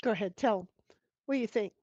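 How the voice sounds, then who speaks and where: A woman's voice: medium pitch, quick pace, darkish tone, no echo, lo-fi sound. A middle-aged woman hosting a casual livestream from home, reading chat aloud and rambling in a frank, salty way with many restarts. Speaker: streamer host. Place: at home with her dogs. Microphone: computer mic at a desk.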